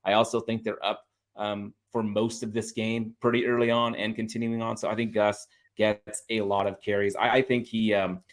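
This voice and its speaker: Easygoing male cohost with a lowish voice, talks picks with plenty of ums. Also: moderate pace, hardly any pauses. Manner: relaxed, hesitant with fillers. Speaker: fantasy sports analyst. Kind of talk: casual sports betting chat.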